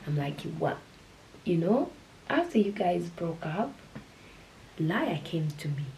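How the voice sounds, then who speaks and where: A young woman vlogger in a casual storytime vlog, chatty and animated, often dropping into hushed whispers. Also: on the low side, a little slow, slight background noise, poor audio.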